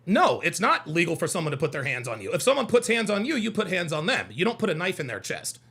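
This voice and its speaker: A man's voice: on the high side, sing-song, quick pace, bright, forceful tone, breathy edge. A man hosting a heated livestream, reading out chat comments and arguing with them in a combative, mocking way, repeating his points.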